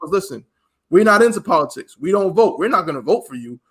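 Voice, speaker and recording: A man hosting a podcast speaks in with a slightly raised pitch. He talks slowly and with emphasis, steering the conversation. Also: very animated, fairly bright tone, breathy edge. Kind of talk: casual podcast talk.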